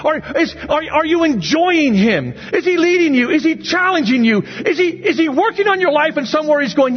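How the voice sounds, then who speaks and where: A man's voice: extremely high pitch, expressive, normal speed, highs cut off, faint music behind. A man preaching a sermon as pastor, asking his listeners earnest, repeated questions.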